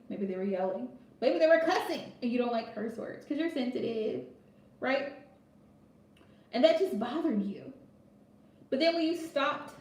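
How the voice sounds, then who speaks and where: A woman's voice: a little high, echoey room. A woman tarot reader talking bluntly and emphatically in a casual advice vlog, often checking in with "right?". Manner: blunt, emphatic, repeats her point with "right?".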